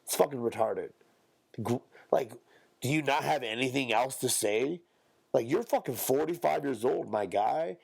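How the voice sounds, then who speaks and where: A young man, a podcast co-host, ranting bluntly and profanely in casual talk, now and then mocking others in a squeaky high voice. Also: expressive, moderate pace, gravelly, breathy edge.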